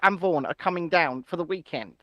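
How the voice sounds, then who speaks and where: A man's voice: fairly high pitch, a little fast, no echo, highs cut off. A man co-hosting a casual comedy news podcast, joking and plugging the show's support links. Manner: jokey, animated, plugs support links. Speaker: podcast co-host. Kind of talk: casual banter.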